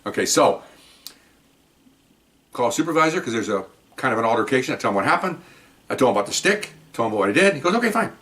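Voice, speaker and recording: An older Mexican-American man, a retired police officer, casually tells a story to the camera in a medium-pitched voice, talking quickly and pausing often. He's animated, acting out what people said and tossing in frequent "okay?" asides.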